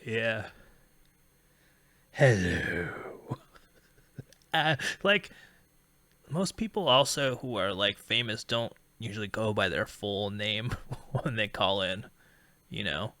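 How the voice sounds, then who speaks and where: A man's voice: on the low side, unhurried, bright, forceful tone, no room sound. A man hosting a call-in talk show, telling rambling anecdotes and laughing through them. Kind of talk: casual storytelling chat.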